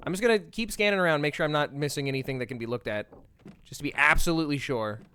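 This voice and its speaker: Smooth-voiced man musing through a game. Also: a little high, fast talker, bright, forceful tone. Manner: muses aloud to himself, playful, swears casually. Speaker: streamer playing a game. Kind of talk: casual game commentary.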